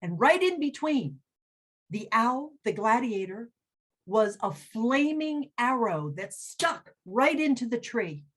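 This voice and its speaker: Expressive woman telling a children's story. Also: fairly high pitch, slow. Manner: expressive, dramatic read-aloud. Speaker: head of school.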